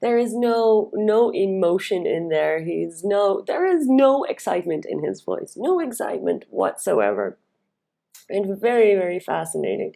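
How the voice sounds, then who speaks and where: Her mid-range voice is warm and sing-song, unhurried, with vocal fry. This speaking and storytelling coach breaks down a speech in a video, talking it through casually with fillers and restarts and putting emphasis on key words.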